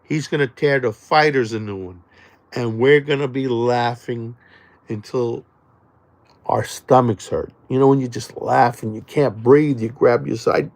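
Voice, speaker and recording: A man with a gravelly, fry-edged voice pitches his podcast in a rowdy, jokey monologue. He jumps from near-shouts down to low asides, and his pitch sits in an ordinary middle range. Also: a little slow. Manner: loud, jokey, swings between shouting and muttering. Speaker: podcast host. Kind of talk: hyped podcast promo monologue.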